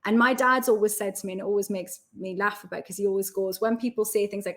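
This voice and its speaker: Chatty Geordie woman telling stories. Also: medium pitch. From North East England. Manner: animated storyteller, quick asides. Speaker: podcast guest. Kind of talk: casual interview chat.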